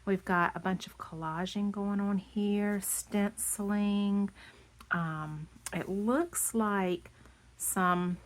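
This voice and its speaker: A woman, hoarse from losing her voice, chatting casually as she shows off handmade craft pieces, gushing and often dropping into soft half-whispers. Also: medium pitch, fairly even intonation, slow. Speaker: craft vlogger. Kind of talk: casual show-and-tell chat.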